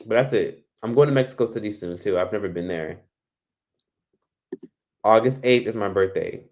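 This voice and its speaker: A man's voice: fairly low pitch, moderate pace. Blunt, profane man hosting a livestream. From Miami, United States. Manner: blunt, profane, advice-giving. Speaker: livestream host. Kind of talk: casual livestream chat reading comments.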